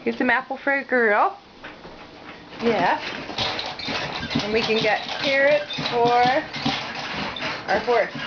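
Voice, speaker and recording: Parent on a home camera: unhurried, playful baby talk, muffled sound with steady background noise. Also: female voice, fairly high pitch. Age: adult. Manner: playful, cooing sing-song baby talk. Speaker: parent filming her toddler. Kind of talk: home video chat to a toddler.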